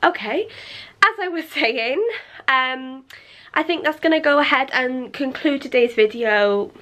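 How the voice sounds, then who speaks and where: A woman's voice: high voice, expressive, a little slow, sharp tone. A young woman chatting casually to camera at home, rambling a little and correcting herself as she goes. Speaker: lifestyle vlogger. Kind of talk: casual vlog chat to camera.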